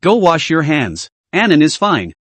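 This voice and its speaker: A man reading the lines of a gentle but scolding young woman in a story recap. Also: a little high, big pitch swings, unhurried, husky, no echo, full character voice.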